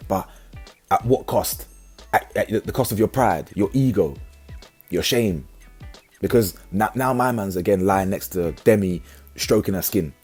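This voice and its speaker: A low-voiced man talks through a reality show episode in an animated, slangy way. His voice is husky, and he keeps restarting his sentences. Faint music plays underneath. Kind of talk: casual commentary.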